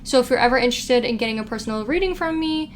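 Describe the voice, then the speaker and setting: A woman's voice: a little high, animated, racing, slight background noise. A young woman giving a casual pick-a-card tarot reading, chatty and giggly, reading quotes aloud with playful asides. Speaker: tarot reader.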